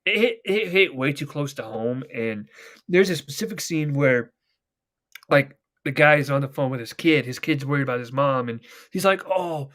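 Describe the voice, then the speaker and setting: A man's voice: mid-range voice, animated, normal speed, fairly bright tone. A young man hosting a casual podcast, rambling and swearing as he retells TV scenes at length. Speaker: podcast host. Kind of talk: casual chat.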